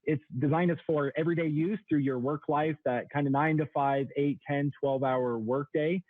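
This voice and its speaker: A man's voice: fairly even intonation, normal speed, no room sound. A man in his thirties, a sales trainer, explaining products as a guest on a radio show. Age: 30s. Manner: explanatory, product-pitch delivery. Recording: tinny phone line, dry.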